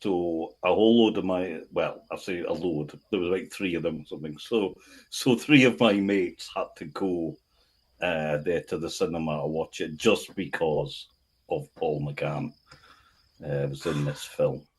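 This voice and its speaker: Deep husky man rambling in chat. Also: a little slow. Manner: rambling, restarts and trails off. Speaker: podcast co-host. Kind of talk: casual chat.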